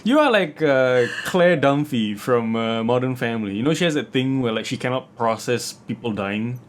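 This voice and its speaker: A man's voice: medium pitch, expressive. A man hosting a late-night podcast in a casual, joking, teasing way. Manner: joking, teasing, jumps between slow and rushed. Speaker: podcast host.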